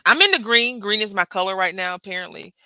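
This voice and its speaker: A woman's voice: mid-range voice, fast talker, pushed and bright, clean tone. Chatty woman crafting at her desk. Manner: chatty, talks straight to viewers and chat, laughs often. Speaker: crafting channel host. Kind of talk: casual crafting chat to viewers.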